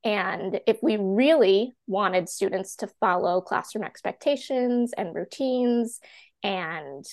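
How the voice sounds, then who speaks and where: A woman in her thirties, a teacher and classroom coach, telling her story as a podcast guest in a chatty, animated way full of "like" fillers. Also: mid-range voice, slow pace. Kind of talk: candid personal storytelling in a podcast interview.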